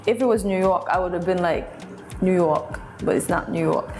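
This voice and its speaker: A woman's voice: lowish voice, fast, darkish tone, soft background music. A woman co-hosting a morning show, playful and giggly as she chats through a game. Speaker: co-host. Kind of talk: casual game banter.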